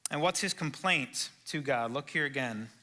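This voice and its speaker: A man's voice: medium pitch, normal speed, pushed and bright. A male pastor preaching a sermon in a church, earnest and conversational, asking his listeners direct questions. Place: church sanctuary.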